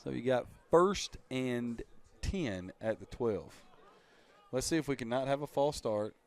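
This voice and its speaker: A man's voice: mid-range voice, lively intonation, measured pace. Bantering male football color commentator.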